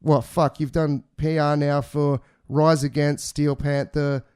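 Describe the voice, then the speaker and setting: A man's voice: fairly high pitch, little pitch movement, unhurried, a little mellow, smooth. An Australian man hosting a podcast, chatting casually with crude, joking banter and plenty of swearing. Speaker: podcast host.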